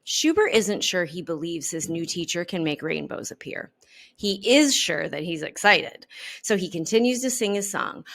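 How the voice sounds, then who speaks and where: Woman reading a children's story aloud. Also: on the low side. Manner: expressive, unhurried storytelling. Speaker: storybook reader.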